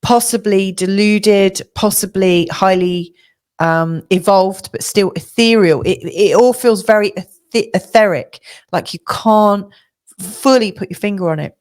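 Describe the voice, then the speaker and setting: A woman's voice: mid-range voice, unhurried, a little mellow. A middle-aged woman astrologer giving a monthly forecast in a reflective, coaching way, with many fillers and restarts.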